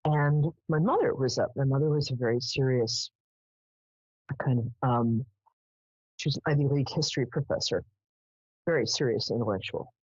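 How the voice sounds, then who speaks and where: A woman's voice: extremely low pitch, normal speed, long pauses, darkish tone, breathy edge, no room sound. Female psychic show host; dry, dull lo-fi sound, chatty and affectionate. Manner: chatty storyteller, affectionate with callers. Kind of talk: live call-in psychic show.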